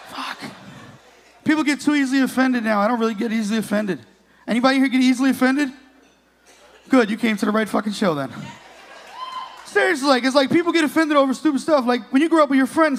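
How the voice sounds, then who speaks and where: A man's voice: very high voice, a bit bright, slight background noise. A man in his late thirties doing a profane stand-up comedy set on a club stage, teasing the crowd. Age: 30s.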